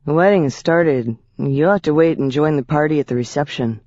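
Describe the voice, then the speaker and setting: A soft-spoken young male usher with a laid-back surfer-boy drawl, voiced by a woman narrator, polite but firm. Heard in a dry, slightly dull audiobook recording. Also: low-pitched, monotone, normal speed, no echo, natural voice.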